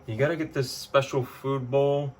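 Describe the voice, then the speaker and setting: A man's voice: mid-range voice, steady tone, moderate pace, a little mellow. A man casually explaining his reptile enclosure step by step, chatty and informal, filming indoors at home. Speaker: pet owner showing his reptile setup. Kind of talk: casual how-to home video.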